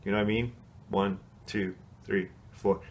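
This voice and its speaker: Coaching a kids' choir on song solos, a male music teacher speaks casually and explains as he goes, singing brief bits to show how they sound. His voice is lowish with fairly even intonation and a measured pace, over slight background noise.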